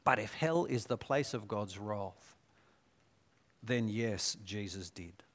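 A man preaching a sermon, moving between hushed, slow passages and raised, intense scripture readings. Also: on the low side.

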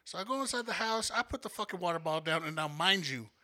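A young man telling a story on a casual podcast, loose and full of swearing. His voice is bright and forceful and sits a bit high for a man. He acts out the people in the story as he goes. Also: fast. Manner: profane, animated storyteller acting out quotes. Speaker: podcast co-host.

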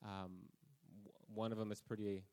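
A man's voice: on the low side, level tone, normal speed, a little mellow, clear, resonant tone. Self-deprecating man preaching a casual sermon. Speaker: pastor. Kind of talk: conversational sermon.

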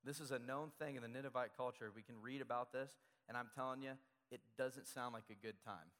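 A man's voice: mid-range voice, fairly even intonation, brisk, a bit bright. Guy preaching a sermon, chatty, keeps repeating his main point, long echo of a big church hall. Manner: conversational, repeats key phrases for emphasis. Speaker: pastor.

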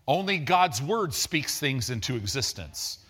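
An older male preacher in his sixties delivers a sermon with a keen, bright tone. His pitch rises and falls freely as he drives his points home. He is conversational and emphatic, slipping easily into stories. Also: a little slow, slightly rough. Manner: animated storytelling, emphatic and conversational.

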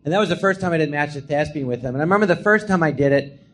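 A comedian with a fairly high, fairly bright voice races through stories at a live podcast theatre, sounding animated. His casual storytelling chat rambles loosely, with frequent laughter and acted-out quotes.

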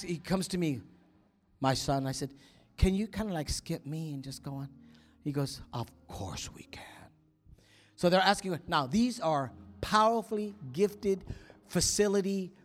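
A man preaching, telling a story in an animated way, acting out quotes with gasps and whispers. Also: high-pitched, moderate pace, soft background music. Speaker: pastor. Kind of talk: sermon storytelling.

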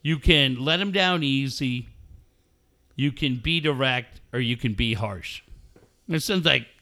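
A middle-aged man telling a story in casual chat, animated and profane, often laughing. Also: mid-range voice, a little slow.

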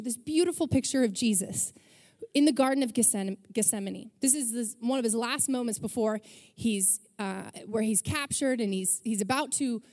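A woman pastor preaching a sermon, telling stories with animated energy and briefly acting out the people she quotes. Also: a little high, big-room sound. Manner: animated storytelling, acts out quoted voices.

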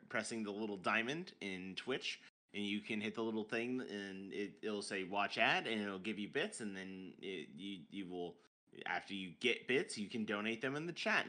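A man co-hosts a casual podcast and rambles through the housekeeping with self-mocking jokes. His voice is a little low but very bright and forceful. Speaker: podcast co-host.

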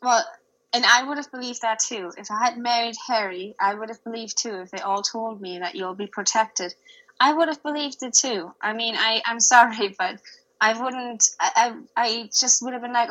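Earnest, bright-voiced woman. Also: on the high side, normal speed, poor audio. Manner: earnest and hedging, with many fillers. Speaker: podcast co-host. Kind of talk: casual podcast chat.

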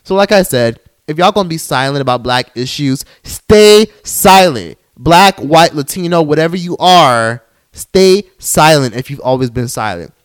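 A man's voice: fairly high pitch, expressive, normal speed. A young man hosting a solo podcast, heated and profane, mocking others in put-on voices. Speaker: podcast host.

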